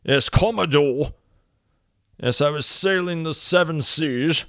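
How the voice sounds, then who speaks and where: A man's voice: on the high side, slow pace, a bit bright, no room sound, clean studio sound, pitched above the performer's own voice. A man putting on the voice of a pompous, self-important old British naval commodore.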